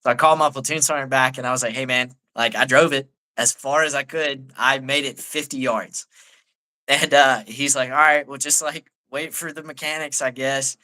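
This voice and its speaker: Laid-back soldier telling a story. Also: male voice, medium pitch, steady tone, normal speed, bright, forceful tone. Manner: laid-back, peppers speech with "like". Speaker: army staff sergeant guest. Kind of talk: casual storytelling on a live talk show.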